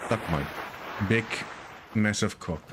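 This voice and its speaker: A man's voice: lowish voice, takes it slowly, background noise. A man streaming a video game in casual chat, muttering to himself and swearing a lot. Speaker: gaming streamer.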